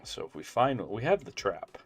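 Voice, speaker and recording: A young man with a very low voice talks casually through a game stream, making chatty jokes to his viewers. Faint music plays underneath him. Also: big pitch swings, moderate pace, vocal fry, breathy edge. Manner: chatty, joking asides to viewers. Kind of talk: casual gameplay commentary.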